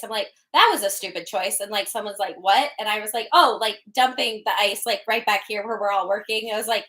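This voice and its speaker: A woman's voice: medium pitch, a bit bright, poor audio. A woman co-hosting a podcast in casual chat, telling long rambling stories full of filler words. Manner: rambling storytelling, heavy filler words, laughs. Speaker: podcast co-host.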